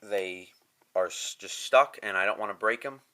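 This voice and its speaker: A man's voice: lowish voice, sharp tone. A man with a stuffed-up, congested voice casually reviewing a scale model. He rambles and halts, restarting his sentences. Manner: rambling, halting with many restarts.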